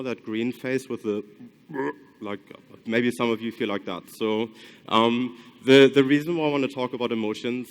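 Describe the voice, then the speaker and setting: A man's voice: lowish voice, clear, resonant tone. A man from Germany with a German accent tinged with Australian, giving a conference talk and often hesitating with ums and restarts. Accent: German with some Australian. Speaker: conference speaker. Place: conference hall.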